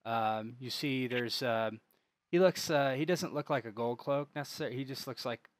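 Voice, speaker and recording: A man's voice: medium pitch, moderate pace, no room sound. A man narrating as game master of an online tabletop game, talking with many fillers and restarts.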